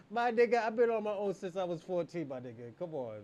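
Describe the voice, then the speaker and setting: A man's voice: high voice, moderate pace, a little mellow. A man hosting a casual livestream, mocking and taunting his viewers with heavy profanity and frequent laughter. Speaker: livestream host.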